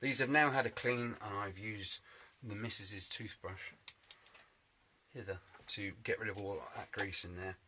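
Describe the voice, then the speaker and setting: A man's voice: fairly low pitch, steady tone, unhurried, pushed and bright, a little hiss or hum. A man with a chatty, jokey, self-mocking manner, talking casually to camera as he works in his home shed restoring a scooter. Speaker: motorbike restoration vlogger.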